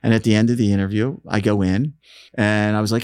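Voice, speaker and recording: A smooth, fairly low male voice, moving at a quick pace, tells stories from his radio station job during a relaxed interview where he's the guest. He animatedly acts out quotes by raising his voice. The audio is dry and studio quality.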